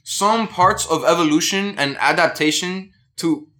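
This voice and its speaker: A young man co-hosting a casual podcast, telling a crude story in an earnest, excitable way. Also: a little high, unhurried. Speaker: podcast co-host.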